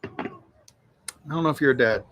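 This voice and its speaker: A man's voice: medium pitch, a little slow, highs cut off. A man hosting a casual livestream chat outdoors in the wind, laid-back, swearing freely and greeting viewers by name. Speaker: livestream host. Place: outdoors on a windy afternoon.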